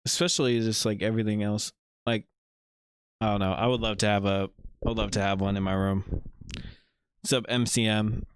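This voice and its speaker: A man hosting a casual livestream, chatting in a relaxed, rambling way with many fillers while showing viewers' art. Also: lowish voice, brisk, long pauses, clean tone, no echo. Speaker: livestream host.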